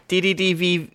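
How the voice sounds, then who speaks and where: Male co-host, playful reader, lively intonation, dry jokes. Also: sits high. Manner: animated, jokey, swings between deadpan and mock-dramatic. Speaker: podcast co-host reading listener reviews. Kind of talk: casual banter, reading reviews aloud.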